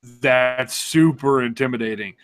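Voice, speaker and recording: A man co-hosting a casual sports podcast, excitable and sarcastic, swearing and laughing as he talks. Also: mid-range voice, measured pace, clear, resonant tone, soft background music. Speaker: podcast co-host.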